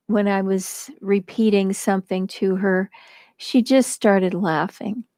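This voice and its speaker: An American woman telling a personal story at a devotional gathering, slow and reflective, with light laughter. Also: mid-range voice, a little mellow, no echo. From United States.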